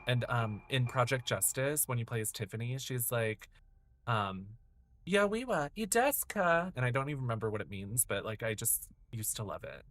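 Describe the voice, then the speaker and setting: A man's voice: mid-range voice, a little fast, hardly any pauses. A man in his thirties talks through a horror game on stream. He rambles from one memory to the next, drops swears freely, and chats straight to his viewers in a loose, casual way. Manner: chatty, rambling, profane, chatting to viewers. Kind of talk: casual gameplay commentary.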